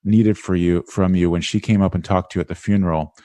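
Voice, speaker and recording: A man speaking as an interview guest, animated and conversational, peppering his talk with "like". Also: low-pitched, quick pace, dry recording.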